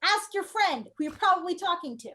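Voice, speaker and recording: A woman's voice: very high voice, animated, fairly quick, pushed and bright. A woman guest in a casual chat, rambling and wry, with lots of "like" fillers. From United States. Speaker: guest cosplayer.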